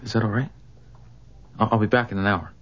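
A man's voice: fairly low pitch, steady tone, fairly quick, lightly acted. An actor playing a worried father, tense and irritable, swearing under strain. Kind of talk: film drama acting. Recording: dull muffled film audio.

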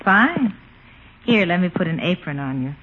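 A soft dreamy lady friend. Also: on the low side, big pitch swings, moderate pace, slight background noise. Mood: gentle. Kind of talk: 1940s radio acting. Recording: muffled old radio recording.

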